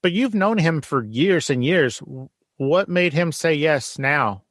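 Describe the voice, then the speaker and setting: A man's voice: a little high, lively intonation, unhurried, fairly bright tone, dry recording, clean studio sound. A man hosting a podcast interview in casual chat, enthusiastic and swearing freely. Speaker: podcast host.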